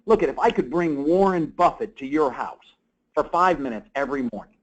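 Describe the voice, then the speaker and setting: A high-pitched man talks with lively energy, acting out each quoted line in his story. He is a guest author on a call. The sound is dull and lo-fi, as a call tends to be. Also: normal speed. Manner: energetic, acts out quoted dialogue. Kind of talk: animated storytelling interview. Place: call or webinar.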